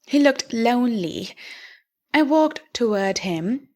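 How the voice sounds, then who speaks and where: Slow, clear woman narrating a story. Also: fairly high pitch, expressive, a little mellow. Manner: clear, deliberate reading. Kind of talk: slow scripted narration of a graded learner story.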